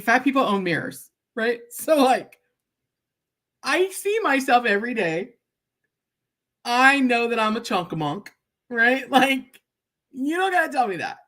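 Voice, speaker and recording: A woman's voice: fairly high pitch, very animated, a little slow, long pauses, a bit bright. A woman chatting on a live stream while she cuts paper crafts, blunt and joking, often laughing and tagging her sentences with "right?".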